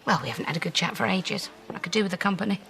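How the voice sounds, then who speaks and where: Brief: an actress doing a bitter, chatty woman, quick delivery, noisy background. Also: medium pitch, vocal fry, close to an everyday voice. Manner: exasperated, chatty. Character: frazzled middle-aged woman club runner, bitter. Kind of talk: TV soap drama.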